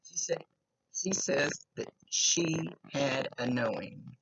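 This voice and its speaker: During a reading, a woman psychic medium talks casually in a chatty, rambling way, laughing often. She has a bass voice and takes it slowly, and the lo-fi recording carries faint noise.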